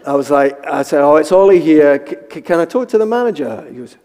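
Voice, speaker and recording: Male pastor, slightly high voice, storytelling sermon with acted-out quotes, long hall reverb. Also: expressive, fairly quick, darkish tone. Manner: storytelling, acting out quotes with high squeaky voice for himself. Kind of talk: sermon with personal stories.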